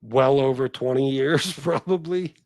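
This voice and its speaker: A man's voice: mid-range voice, measured pace, no echo. A man hosting a casual livestream, reading comments and telling rambling, profane stories. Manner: profane, rambling, animated reactions. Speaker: livestream host.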